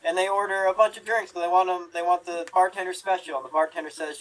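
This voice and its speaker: A man's voice: high-pitched, fairly even intonation, quick pace. A man with a slightly raised voice tells a casual, self-deprecating pun joke. He is heard from a distance, with a faint hiss underneath. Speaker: improv performer. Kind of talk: telling a quick pun joke. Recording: distant mic with faint noise.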